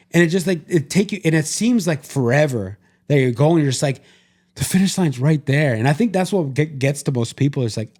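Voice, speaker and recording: A man's voice: a little high, a little mellow. A man co-hosting a podcast, casually retelling an experience with lots of quoted self-talk and restarts. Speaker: podcast co-host. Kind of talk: casual conversation.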